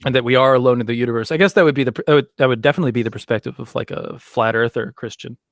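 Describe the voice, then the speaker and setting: A man's voice: mid-range voice, rapid-fire, no echo. Rambling man on a video call, dry sound. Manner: rambling, laughs often, many fillers. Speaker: guest. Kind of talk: casual chat.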